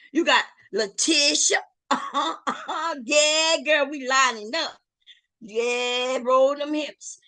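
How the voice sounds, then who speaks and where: A middle-aged woman hosts a casual livestream, loud, teasing and profane as she talks straight to her chat. Her voice sits a little high for a woman. The sound is dry and close, with hardly any room around it. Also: dry recording. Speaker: livestream host.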